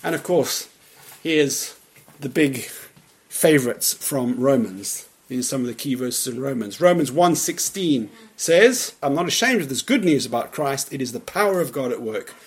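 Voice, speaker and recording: A man preaching a sermon in a church, earnest and emphatic, often dropping to a quiet voice at the ends of phrases. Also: medium pitch, lively intonation, normal speed. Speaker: pastor.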